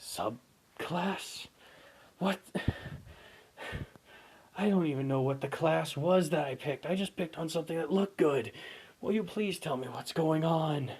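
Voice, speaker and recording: A man's voice: on the high side, measured pace, long pauses, a little mellow, breathy edge, pitched above the performer's own voice. A man voicing a young male ninja who keeps asking bewildered, pleading questions.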